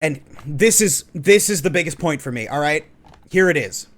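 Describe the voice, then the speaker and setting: A man delivering opinionated reaction commentary in a sarcastic, swearing rant. His voice is fairly high for a man and very animated, jumping up and down constantly. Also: normal speed. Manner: ranting, sarcastic, profane. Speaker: online commentator.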